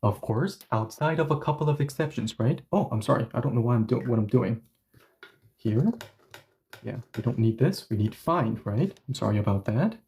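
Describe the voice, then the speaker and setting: A man teaching a live language lesson, explaining grammar step by step and often correcting himself with quick apologies. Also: mid-range voice, expressive, creaky, a little mellow.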